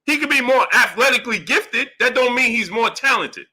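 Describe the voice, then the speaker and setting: A man's voice: very high-pitched, animated, moderate pace, bright, forceful tone, breathy edge. A man hosting a boxing live stream, arguing emphatically with rhetorical questions and reading out super chats. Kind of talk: heated live-stream commentary.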